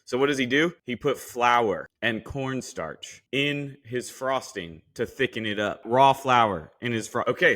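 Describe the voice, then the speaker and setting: A man hosting a podcast, giving a blunt, animated, casual recap of a cooking competition and swearing freely. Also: medium pitch. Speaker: podcast host.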